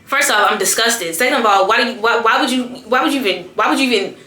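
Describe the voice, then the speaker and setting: A young woman telling a personal story in an animated storytime vlog, slangy and expressive, laughing often and repeating lines for emphasis. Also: fairly high pitch, fast, noisy background. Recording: echoey room with faint background music.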